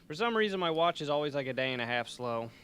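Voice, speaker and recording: A man's voice: fairly high pitch, animated, fast talker, fairly bright tone, clear, resonant tone. A young man hosting a college radio show, chatting and joking in a loose, rambling, self-mocking way from a small studio. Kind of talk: rambling comedic radio chat.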